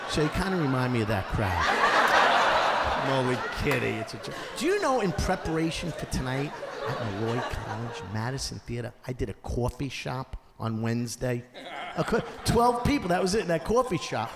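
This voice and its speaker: Animated New comedian in a hall. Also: male voice, mid-range voice, normal speed. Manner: animated, acts out characters, shouts punchlines. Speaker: stand-up comedian. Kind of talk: stand-up comedy set. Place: theater stage before a live audience. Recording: roomy hall sound with audience noise. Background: audience laughter.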